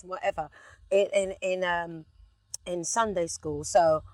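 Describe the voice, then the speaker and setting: A middle-aged woman with a London accent, chatting as an interview guest inside a car, telling lively stories and breaking into snatches of song. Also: on the low side, moderate pace, no room sound. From England. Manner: animated storyteller, sings snippets. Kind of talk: relaxed casual chat.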